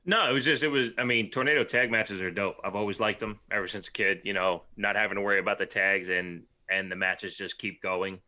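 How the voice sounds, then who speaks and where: A man's voice: fairly low pitch, steady tone, fairly quick, hardly any pauses, sharp tone. A man co-hosting a casual wrestling podcast, laid-back and rambling, swearing casually. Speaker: podcast co-host.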